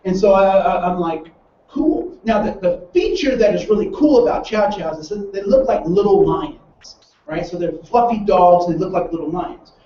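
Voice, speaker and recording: A man with a high voice leads a training session in a roomy space. He talks like a storyteller and keeps putting rhetorical questions to his listeners. He sits back from the mic, and the sound is dull with faint noise underneath. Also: moderate pace, dark tone, distant mic. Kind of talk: training seminar talk.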